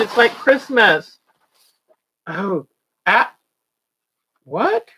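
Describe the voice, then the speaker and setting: A woman's voice: medium pitch, animated, slow pace, fairly bright tone, a little hiss or hum, rough recording. A woman hosting a casual quilting livestream, gushing and exclaiming "oh" as she opens a package. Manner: gushing, exclaims "oh" often, chatty. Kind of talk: casual livestream unboxing chat.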